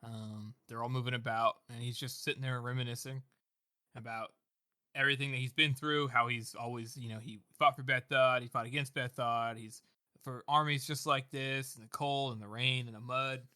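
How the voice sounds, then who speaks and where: A man's voice: mid-range voice, steady tone, normal speed, pushed and bright, no room sound, clean studio sound. A man co-hosting a podcast, rambling through a chapter summary in casual chat full of fillers and swearing. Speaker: podcast co-host. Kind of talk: casual book-club chat.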